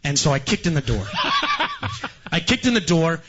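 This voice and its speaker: A man telling a story in a casual chat, animated and laughing often. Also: on the high side, normal speed, highs cut off, noisy background.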